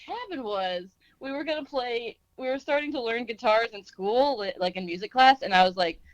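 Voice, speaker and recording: A woman's voice: on the high side, animated, normal speed, dry recording, dull audio. Young woman from texas chatting as a guest, super casual, lots of likes, dry close mic. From Austin, Texas. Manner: laid-back, self-deprecating, lots of "like" and "um". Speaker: singer-songwriter guest. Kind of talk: casual interview.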